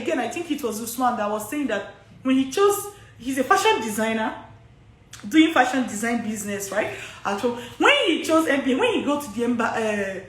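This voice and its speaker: Laughing high-voiced Nigerian woman, echoey room. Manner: laughs often, repeats herself, chatty and animated. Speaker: study abroad coach. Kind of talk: live social media Q&A.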